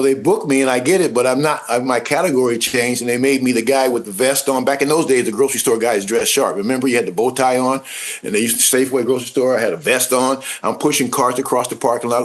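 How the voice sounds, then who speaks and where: A man in a casual interview, telling stories in an animated, informal way and acting out the voices of people he met. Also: mid-range voice, quick pace. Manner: informal speech with dropped grammar. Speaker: interview guest, former football player turned actor. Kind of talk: casual anecdotal storytelling.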